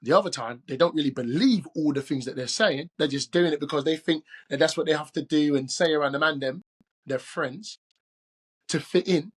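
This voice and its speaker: Fatherly advisor voiced by a man in an amateur London accent, earnest, protective, slangy, higher-pitched. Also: fairly quick, slightly rough. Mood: earnest advice. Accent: put-on London English. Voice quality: amateur mock British accent. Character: fatherly man advising his grown daughter. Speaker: podcast host. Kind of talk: imagined talk to his daughter.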